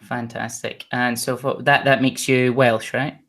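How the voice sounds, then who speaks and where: A man's voice: medium pitch, little pitch movement, a little slow, fairly bright tone. A man hosting a webinar, introducing his panel guests in a casual way and teasing them with jokes. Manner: joking, teasing. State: energetic from caffeine. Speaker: webinar host.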